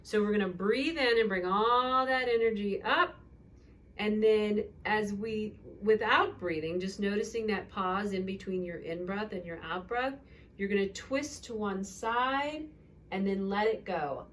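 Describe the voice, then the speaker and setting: A woman talks softly and very slowly, guiding a breathing exercise with a calm, unhurried manner. She sounds a little away from the microphone, with a faint hum of room ambience behind her. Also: medium pitch, far from the mic. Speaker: movement and breathing instructor. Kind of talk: slow guided breathing exercise.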